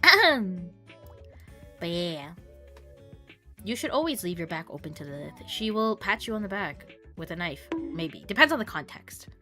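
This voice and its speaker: A young woman from Canada, a streamer chatting casually with her viewers, playful and teasing, quick to laugh and trade mock insults. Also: lowish voice, very animated, sharp tone, faint music behind. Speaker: variety streamer. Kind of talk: casual chat reading stream chat.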